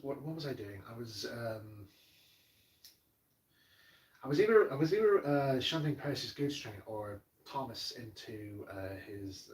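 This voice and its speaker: A man's voice: on the low side, recorded from a distance, a little hiss or hum. Man, casual vlog storytelling, rambling and emotional, stumbling restarts, echoey room, sitting back from the mic. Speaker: model railway hobbyist vlogger.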